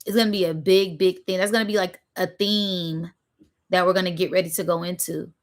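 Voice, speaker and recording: A young woman who hosts a spiritual channel delivers a passionate livestream monologue, fairly quick and fairly low-pitched with fairly even intonation. Preachy and emphatic, she curses a lot, keeps saying "right?" and "y'all," and sounds emotional, near tears.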